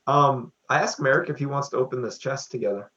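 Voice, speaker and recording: A man playing in a tabletop game, speaking in an easygoing, slightly hesitant way. His voice sits at a middle pitch and comes through a dull, lo-fi mic. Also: a little fast, a bit bright, roomy sound, far from the mic. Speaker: player. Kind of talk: casual tabletop play.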